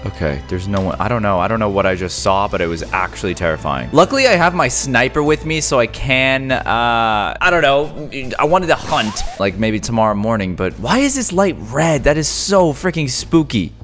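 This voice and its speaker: A young man narrating a video game to his viewers in casual slang, jumpy and excitable, gasping and yelling when startled. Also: medium pitch, normal speed, hardly any pauses, soft background music. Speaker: gaming YouTuber. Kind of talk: gameplay commentary.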